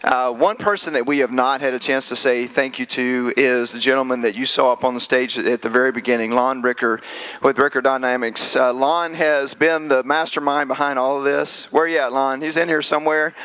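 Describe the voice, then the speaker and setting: A slightly hoarse male pastor giving an earnest, conversational closing speech at an event. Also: mid-range voice, steady tone, fairly quick, fairly bright tone.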